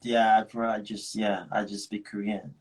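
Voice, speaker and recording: A man hosting a casual live chat, telling animated stories and slipping into Korean phrases. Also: fairly low pitch, normal speed, poor audio. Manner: animated storytelling, switches into Korean. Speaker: host.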